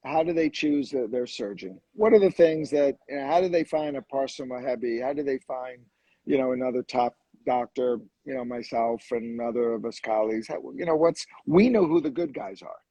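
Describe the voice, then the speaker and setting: A man, a surgeon co-hosting a live video chat, talking casually with halting restarts and laughing at his own jokes. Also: mid-range voice, warm tone, dry recording, rough recording. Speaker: hair restoration surgeon, co-host. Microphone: video call.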